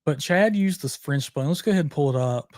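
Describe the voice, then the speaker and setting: A man hosting a live horror trivia stream in casual chat, playful and teasing, sometimes shouting with excitement. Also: fairly high pitch, fast talker, dry recording, studio quality. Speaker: livestream host.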